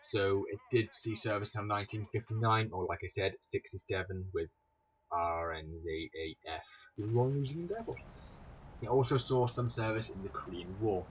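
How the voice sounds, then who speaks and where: A man's voice: fairly low pitch, normal speed, slight background noise. A tired young man giving a rambling, sweary commentary on wartime history, with exasperated asides. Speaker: video creator. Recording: dull lo-fi home recording, faint ambience.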